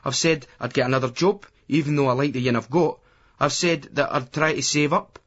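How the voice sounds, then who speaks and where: A man's voice: medium pitch, fairly quick, a bit bright, muffled recording, voice pushed up, natural voice. A man with a Scottish accent voicing a brash young lad who rants and swaggers. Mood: ranting. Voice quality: ranting, swaggering.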